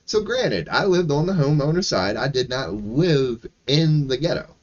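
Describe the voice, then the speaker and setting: Animated, profane man ranting on stream. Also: mid-range voice, a little slow, muffled recording. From Maryland, US. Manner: profane, animated, laughing asides. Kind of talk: casual livestream rant.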